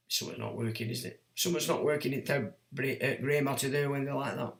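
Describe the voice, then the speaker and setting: In an echoey room, a middle-aged livestream host reads chat comments aloud and rants bluntly, crudely, and mockingly, swearing a lot. His pitch is fairly high, and he talks quickly with few pauses.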